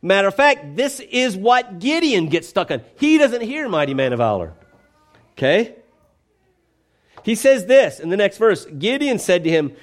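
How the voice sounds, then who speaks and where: A man's voice: high-pitched, sing-song, normal speed. A man preaching a conversational, emphatic sermon, often checking in with the congregation.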